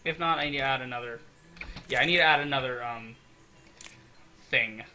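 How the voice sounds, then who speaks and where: A young man giving excitable, swear-filled let's-play commentary, talking to himself as he builds in a game. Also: medium pitch, normal speed, slight background noise. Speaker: gaming video creator.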